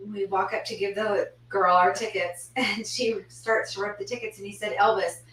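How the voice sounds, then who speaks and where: A woman co-hosting a podcast in casual chat, an animated storyteller who laughs often and drops to murmurs. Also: mid-range voice, moderate pace. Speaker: podcast co-host. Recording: roomy sound from a distance, faint hum.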